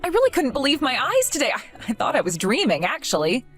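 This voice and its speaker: A woman voicing a trusting young woman who pleads with a friend and is bewildered by her cruelty, in an animated story. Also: high voice, fast, faint music behind, heavily acted. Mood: shocked. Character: earnest trusting young woman, easily hurt.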